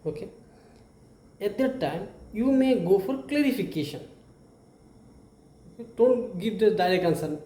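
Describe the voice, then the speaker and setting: A man's voice: sits high, expressive, a little slow, long pauses, dark tone, reverberant. A man with an Indian English accent gives informal advice on job interviews, repeating points, often saying "okay" and restarting his sentences. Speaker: career coach.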